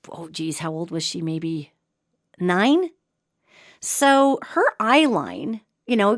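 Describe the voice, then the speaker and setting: A middle-aged woman hosting a podcast, telling a personal story in a chatty, animated way. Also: mid-range voice, dry recording, studio quality. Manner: animated, chatty, ending in a spooky whisper. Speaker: podcast host. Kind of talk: casual storytelling monologue.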